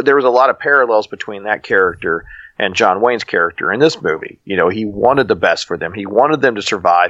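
Man hosting a movie review panel, lowish voice, reflective and halting, on a dull lo-fi line. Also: a bit bright, dry recording. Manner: reflective, halting, searches for words. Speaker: podcast host leading the panel. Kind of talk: casual movie review chat.

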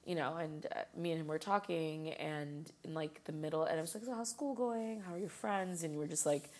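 A woman's voice: deep voice, fairly quick. A woman from Chicago chatting casually, telling stories animatedly with frequent laughs and fillers. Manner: animated storyteller, laughs often, many fillers. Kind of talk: casual chat.

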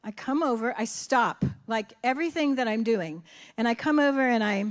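An older woman with a notably high-pitched voice delivers a sermon. She tells family stories with animation, acting out each side of the conversation. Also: expressive, normal speed. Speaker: church speaker. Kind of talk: sermon storytelling.

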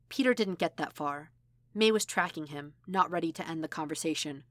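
Woman narrator, measured audiobook read, low voice, dry sound. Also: a bit bright, no echo. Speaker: audiobook reader. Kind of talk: audiobook narration of fan fiction.

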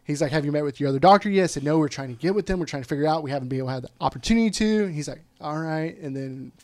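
A male guest shares a personal story in casual conversation, candid and quick to curse, frequently quoting what other people said. His voice is fairly high in pitch and a little mellow.

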